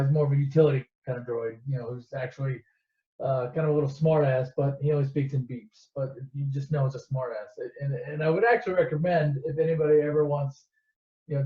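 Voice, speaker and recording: A man casually retelling a favorite movie as a rambling, swearing storyteller, full of asides and restarts. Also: medium pitch. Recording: echoey, dull lo-fi room recording.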